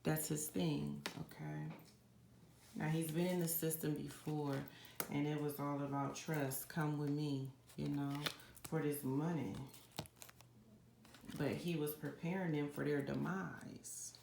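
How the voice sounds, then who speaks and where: A woman's voice: low-pitched, a little slow, gravelly. A woman giving a psychic card reading, chatting casually and directly to her viewers. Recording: echoey room with steady background noise.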